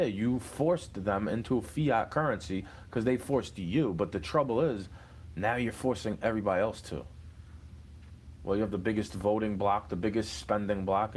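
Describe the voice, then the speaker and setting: A man's voice: on the low side, darkish tone. A young adult man delivering an angry, profane monologue, confronting an imagined listener. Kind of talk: ranting monologue.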